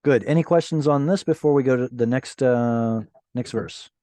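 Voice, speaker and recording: A man's voice: medium pitch, moderate pace, dark tone, no echo. A man teaching a language class online over a video call, patiently explaining word by word and correcting himself as he goes. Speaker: Hebrew teacher.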